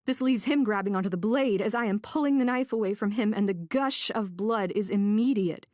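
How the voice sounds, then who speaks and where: A woman narrating a first-person thriller audiobook in a tense, measured voice. Her pitch sits at a middle level for a woman. The recording is dry, with no room echo. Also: a little mellow.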